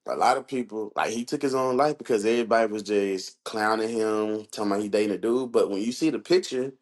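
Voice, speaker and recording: A man's voice: fairly low pitch, fast talker, darkish tone. A young man co-hosting a podcast, telling stories in loose, profane slang. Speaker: podcast co-host. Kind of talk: casual chat.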